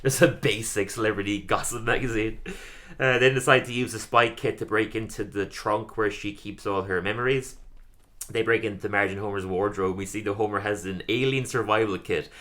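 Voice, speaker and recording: A bright, fairly low-pitched man chatting through a podcast recap. He laughs often and slips into quoted lines as he goes. His delivery stays casual and lively. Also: a little fast. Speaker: podcast co-host.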